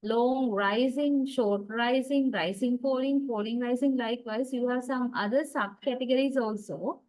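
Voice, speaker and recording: A woman lecturer giving a university lesson, explaining slowly with frequent "right?" checks and pauses. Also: fairly high pitch, a little mellow, low-quality recording.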